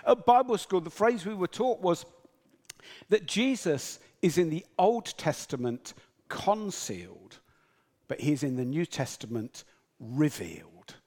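British male preacher, unhurried storytelling sermon, lively pitch. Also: in a large hall. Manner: storytelling, animated, acts out quotes.

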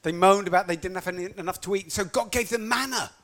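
A man preaching a sermon in an animated storytelling manner, acting out quotes as he goes. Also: sits high, fast talker.

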